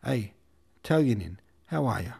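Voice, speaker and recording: A man's voice: medium pitch, lively intonation, normal speed, gravelly, a little mellow, slightly rough, voice pushed up. Denisov, a man doing a hot-tempered lisping officer. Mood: blustering. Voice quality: cannot pronounce his R's. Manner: blustering, swearing. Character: gruff hot-tempered young male cavalry officer.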